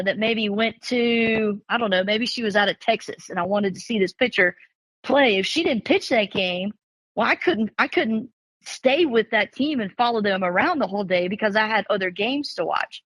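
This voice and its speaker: On a podcast, a woman who once coached college and travel ball softball talks casually, spinning lively stories while frequently restarting and repeating words. Her voice sits at medium pitch, and the recording is dry and of poor quality.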